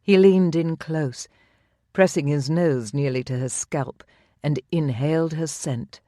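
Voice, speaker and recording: Brief: audiobook narrator, measured and intimate, mid pitch, very dry studio sound. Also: warm tone, no echo. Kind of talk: scripted narration.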